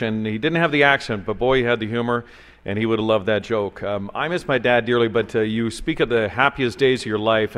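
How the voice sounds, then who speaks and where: A man giving a heartfelt, halting tribute speech at a gala, pausing on fillers. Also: fairly low pitch, fairly bright tone, long reverb tail.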